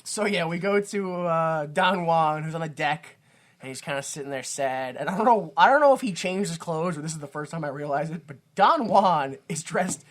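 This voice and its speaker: A man hosting a podcast, chatting casually about a film, excitable, laughing often and swearing. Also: fairly high pitch, moderate pace. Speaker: podcast host. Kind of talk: casual chat recapping a film.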